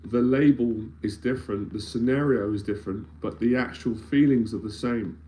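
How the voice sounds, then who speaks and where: A man's voice: mid-range voice, normal speed, warm tone. A man, an anxiety mentor speaking earnestly and emphatically in a live-streamed talk, often repeating phrases as he builds a point. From London, England.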